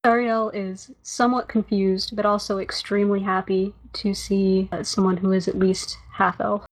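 A woman playing a tabletop game, narrating her character's actions in a measured way. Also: medium pitch, flat delivery, rough recording. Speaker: player. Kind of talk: tabletop role-play.

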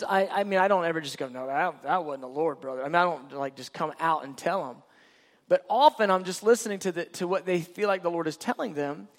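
A man delivers a sermon in a notably high voice. He speaks earnestly and plainly, like a pastor talking with his congregation. He often trips over and restarts his sentences. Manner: earnest, conversational preaching with restarts.

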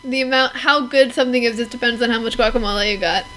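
A woman's voice: a little high, fairly even intonation, fast, a bit bright, slight background noise, low-quality recording. A young woman co-hosting a podcast, gushing and giggling as she chats. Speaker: podcast co-host. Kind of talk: casual chat.

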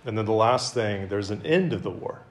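A man giving a conversational sermon to a campus group, with self-deprecating humor and a relaxed, chatty delivery. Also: fairly low pitch, normal speed. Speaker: campus ministry speaker. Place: meeting room with an audience.

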